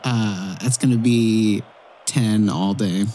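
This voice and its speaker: A man's voice: on the low side, fairly even intonation, slow pace, background noise. A man playing in a tabletop game, thinking aloud eagerly about his next move. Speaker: player. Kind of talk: casual tabletop play.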